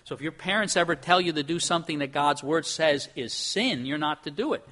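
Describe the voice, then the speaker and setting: Middle-aged pastor, bright forceful tone, higher-pitched, emphatic sermon delivery. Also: male voice, brisk. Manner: earnest, emphatic preaching with shifts from soft to loud.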